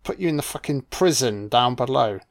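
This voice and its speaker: A man's voice: medium pitch, expressive, fairly quick, vocal fry, no room sound, studio quality. A man voicing a scornful old male wizard who scolds a servant in a raised, sneering tone.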